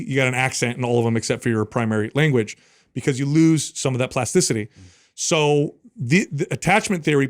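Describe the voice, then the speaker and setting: A male podcast host explaining an idea casually, thinking aloud as he goes. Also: fairly high pitch. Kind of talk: conversational interview talk.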